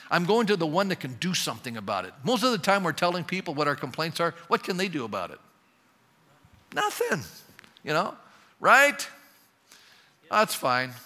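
A male pastor preaching a sermon, often asking the congregation rhetorical questions in an emphatic, lively delivery. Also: on the high side, big-room sound.

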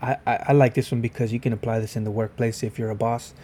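A man's voice: mid-range voice, flat delivery, quick pace, warm tone, a little hiss or hum. A man giving a casual Bible devotional video, reading scripture aloud and then explaining it in a conversational way.

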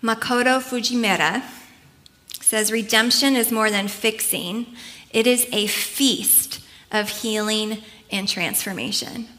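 Bright-voiced woman preaching a sermon. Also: a little high, steady tone, slow pace. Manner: earnest, conversational preaching with many "like" asides.

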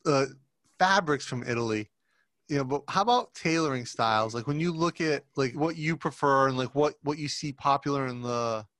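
A man's voice: mid-range voice, normal speed, a bit bright, dry recording. A man hosting a podcast, asking hesitant, roundabout interview questions. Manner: hesitant, circles his questions. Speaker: podcast host.

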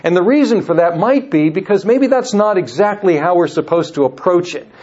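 Male Bible teacher, high pitch, measured and repetitive delivery, muffled recording. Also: lively intonation, darkish tone, slightly rough. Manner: measured, repeats words and restarts phrases. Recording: dull lo-fi recording.

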